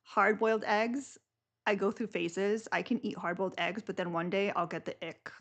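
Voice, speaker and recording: A woman's voice: medium pitch, fairly even intonation, normal speed, a bit bright. A young woman hosting a live stream, chatting casually and rambling with lots of filler words.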